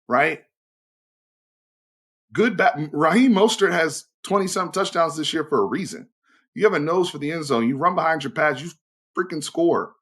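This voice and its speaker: A young man with a fairly high voice rants as a sports commentary host. He talks bluntly and swears, and his pitch leaps around. He jumps from loud outbursts to low, pressing asides. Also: normal speed, pauses often, husky. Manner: animated, blunt, curses, swings between loud outbursts and low emphatic asides. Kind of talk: opinionated fan commentary.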